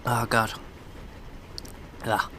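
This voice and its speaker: A man gives casual let's play commentary on a video game he's playing, tossing in sarcastic, irreverent asides. His tone is bright and forceful with drawn-out words, and there's slight background noise.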